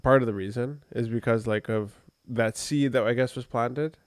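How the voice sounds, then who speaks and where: A man's voice: mid-range voice, normal speed, clean tone, no room sound, clean studio sound. A man co-hosting a podcast, telling a personal story in a rambling, conversational way with many fillers. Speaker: podcast co-host. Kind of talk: casual podcast chat.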